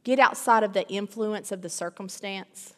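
A woman's voice: medium pitch, moderate pace. A middle-aged woman preaching a sermon, emphatic, repeating key phrases and building in intensity. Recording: long reverb of a large hall.

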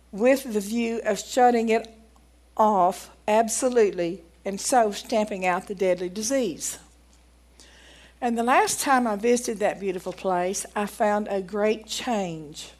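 A woman giving a folksy sermon, reading aloud from a book and growing emphatic as she preaches. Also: mid-range voice. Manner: folksy, grows emphatic and loud when preaching.

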